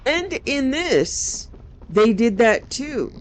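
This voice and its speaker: A man's voice: on the high side, unhurried, slight background noise. A man giving casual, wry commentary while playing a video game and poking fun at its voice acting. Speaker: game streamer.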